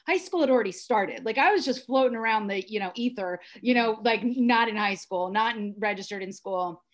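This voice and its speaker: A woman's voice: a little high, brisk. Earnest middle-aged American woman. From United States. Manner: earnest and intense, with frequent restarts. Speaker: podcast guest. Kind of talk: personal storytelling.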